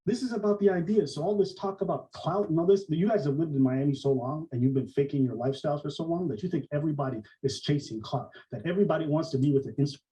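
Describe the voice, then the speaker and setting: A man with a high, quick voice tears into his rivals in a mocking, profane podcast rant. He rattles off his points fast and stays set back from the microphone, so the sound is a little distant. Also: dark tone. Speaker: podcast co-host.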